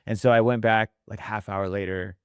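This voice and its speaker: A man talking casually in a podcast conversation, telling animated stories, acting out quotes and tagging his points with "right?", with some mild swearing. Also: fairly low pitch, moderate pace, smooth, no echo, studio quality. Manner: animated storyteller, acts out quotes, tags lines with "right?". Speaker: restaurant leadership founder and host.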